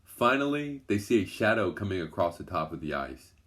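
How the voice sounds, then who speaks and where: A man narrates a children's adventure story with a low, steady voice. He keeps a gentle, even storytelling pace. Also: a little fast. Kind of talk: reading a children's story aloud.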